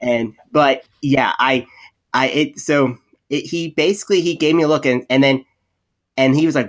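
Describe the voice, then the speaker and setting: Man, podcast co-host, casual chat, mid-pitched, rambling, lots of restarts. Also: moderate pace. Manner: rambling, many restarts and repeated words; animated storyteller, acts out quoted people.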